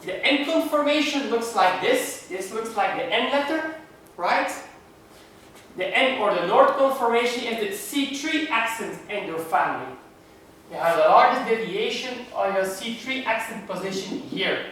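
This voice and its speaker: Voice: mid-range voice, expressive, normal speed, fairly bright tone, a little hiss or hum. Lecturer in an echoey hall, far off. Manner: explains step by step with rhetorical questions. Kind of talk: university lecture.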